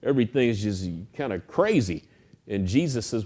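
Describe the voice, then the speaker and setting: A man preaching a sermon, telling stories in a folksy, animated way. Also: on the low side, moderate pace. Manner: folksy, animated storytelling with acted quotes. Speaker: pastor.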